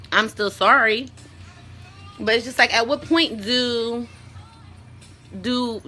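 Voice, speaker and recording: A woman with a bright, clear voice hosts a casual talk vlog. She speaks bluntly and conversationally, swears freely, and. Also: medium pitch. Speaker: show host.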